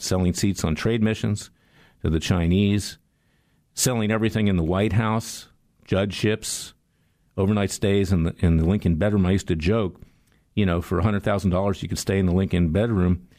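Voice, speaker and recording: An older man delivering a sarcastic political commentary monologue, telling stories and jokes. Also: sits low. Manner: sarcastic, storytelling, animated.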